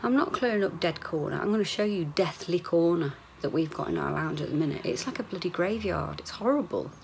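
A woman's voice: lowish voice, expressive, brisk, creaky, darkish tone, a little hiss or hum. A woman, rambling candidly in a chatty video diary, sometimes swearing. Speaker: vlogger.

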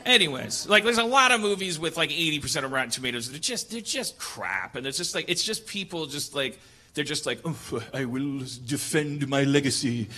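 A man hosting a comedy podcast, telling stories in an animated, profane ranting way. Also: a little high, fast. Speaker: podcast host. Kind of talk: casual comedic storytelling.

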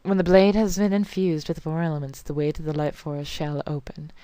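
A solemn, ancient tribal elder intones slowly and gravely, as a woman reads him out. The voice is smooth and clear, in a dry, close sound. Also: low-pitched, mellow, no room sound, close to an everyday voice.

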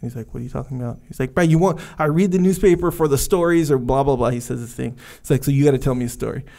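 Brief: male podcast co-host, fairly high and gravelly, animated storyteller who slips into character voices. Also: quick pace. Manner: animated storyteller, acts out movie lines. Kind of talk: casual chat.

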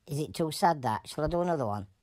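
A woman voicing an animal who tells a rambling story in broad Yorkshire dialect, deadpan and plain-spoken. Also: sits low, fast talker, no echo. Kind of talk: comic animal voice-over.

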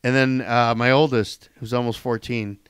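A man co-hosting a podcast in casual chat, joking in a deadpan, provocative way. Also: mid-range voice, moderate pace, clear, resonant tone, no room sound, clean studio sound. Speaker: podcast co-host.

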